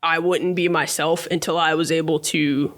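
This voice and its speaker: Higher-voiced man telling his story. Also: little pitch movement, moderate pace. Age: 30s. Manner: reflective, warm storyteller, many fillers and tag questions. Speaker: podcast guest, soldier. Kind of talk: casual interview storytelling.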